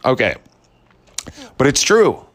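A man's voice: mid-range voice, wildly swooping pitch, slow pace, fairly bright tone. A man delivering a blunt, sarcastic, profane ranting monologue as a commentator.

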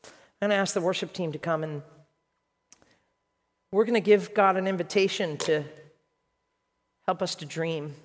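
A man in his fifties, a pastor preaching a sermon with animated, emphatic storytelling. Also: high voice, moderate pace, long pauses, in a large hall. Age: 50s.

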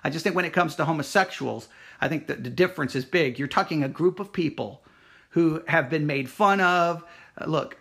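A man from Texas holds forth as host of a Christian talk program. His voice sits high, and he rambles in an animated, loose monologue, restarting sentences and leaning on fillers as he works through his points. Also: normal speed, creaky. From Texas, USA. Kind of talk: casual monologue.

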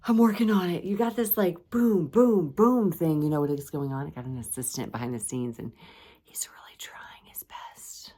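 Playful woman podcast host, low-pitched voice, chatty and self-mocking, jumps into high excited bits. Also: moderate pace, slightly rough. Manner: playful, self-teasing, bursts of high animated emphasis. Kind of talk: casual solo podcast chat.

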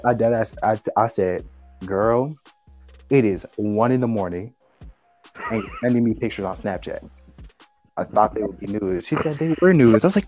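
A man's voice: mid-range voice, a little mellow. A young man telling a story in casual, slangy chat, laughing often and acting out both sides of the talk. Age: young adult. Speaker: podcast co-host.

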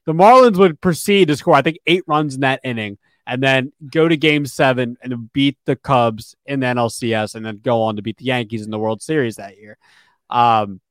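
A man's voice: medium pitch, normal speed, dry recording. Laid-back young man, dry sports podcast. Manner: relaxed, storytelling with fillers. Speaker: podcast co-host. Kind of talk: casual sports chat.

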